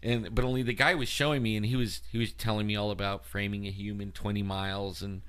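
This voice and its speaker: A man with a fairly low voice co-hosts a paranormal talk show in easy, casual conversation. He rambles through his story, stringing it together with many fillers. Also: level tone, quick pace, a bit bright, clean tone. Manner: rambling, full of "like" and "you know". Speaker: co-host and field investigator. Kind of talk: casual chat.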